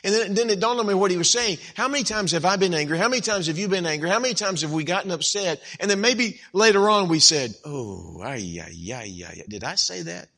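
Man preaching a sermon, bright forceful tone, dramatic loud-soft swings, church pulpit. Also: high voice, fast talker, few pauses. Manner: dynamic swings from hushed to loud emphatic. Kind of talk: evangelical sermon.

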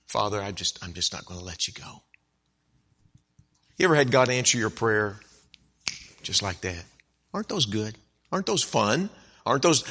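A man's voice: mid-range voice, bright, forceful tone. A man preaching a sermon, telling a story animatedly and acting out its characters with big swings in voice. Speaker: pastor.

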